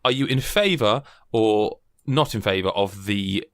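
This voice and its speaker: Animated podcast host, bright voice. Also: male voice, fairly low pitch, unhurried, no room sound, clean studio sound. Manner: animated, laughing, interrupting. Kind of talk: casual chat.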